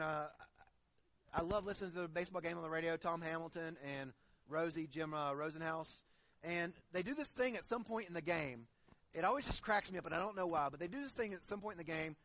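A male pastor preaching a sermon. He reads scripture slowly and deliberately, then tells stories in a conversational way, often restarting his sentences. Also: a little high, fairly bright tone, dry recording. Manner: conversational storytelling with frequent restarts.

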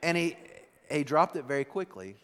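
Animated male pastor in a reverberant hall. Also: a little high. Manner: animated storytelling, fast bursts, then hushed and slow. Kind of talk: sermon with a personal story.

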